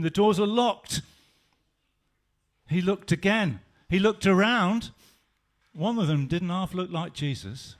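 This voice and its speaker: A male pastor giving an animated storytelling sermon. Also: high-pitched, a little slow.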